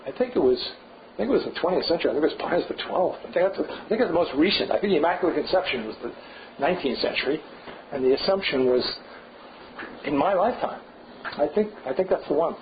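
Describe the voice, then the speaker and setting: A man's voice: on the high side, lively intonation, fast talker, a little hiss or hum. An older man leading an informal seminar lecture, thinking aloud in a digressive way and often checking in with a rhetorical "right?". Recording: dull lo-fi classroom recording.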